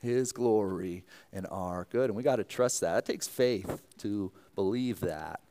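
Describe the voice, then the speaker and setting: A man in his thirties, a pastor, who prays earnestly and then preaches a sermon, telling stories in an animated way with some fillers. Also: fairly low pitch, unhurried.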